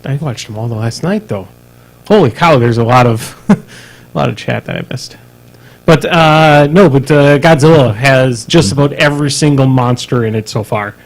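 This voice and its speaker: A man co-hosting a casual podcast, talking at a middle pitch. He is animated and laughs often, tripping over his words and restarting them as he chats. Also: normal speed, low-quality recording. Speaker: podcast co-host. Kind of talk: casual chat. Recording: live-streamed podcast.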